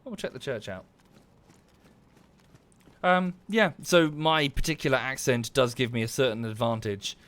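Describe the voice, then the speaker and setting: A southern English game streamer with an Estuary accent speaks at a moderate pace, pausing often, in a medium-pitched, fairly bright voice. He chats casually as he plays live, thanks viewers by name, and swears softly at the game.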